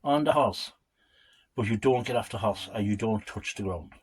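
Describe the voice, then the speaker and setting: An older man with an Irish accent voicing an otherworldly fairy woman who lays down warnings, in a husky voice. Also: fairly low pitch, normal speed. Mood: firm.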